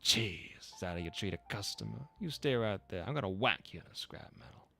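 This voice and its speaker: A man's voice: fairly low pitch, animated, a little fast, vocal fry, bright, forceful tone, faint music behind, full character voice. A man voicing an arrogant, rude male regular of a drinks lounge who bosses the server around with scorn. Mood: scornful. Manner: bossy, scornful, demanding.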